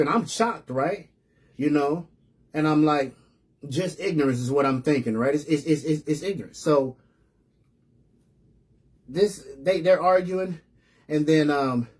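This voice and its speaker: A man's voice: fairly high pitch, a little mellow, slightly rough. A man hosting a live online show, telling a story to his audience in a casual, earnest way, often repeating and restarting words. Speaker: host of a live reseller news show.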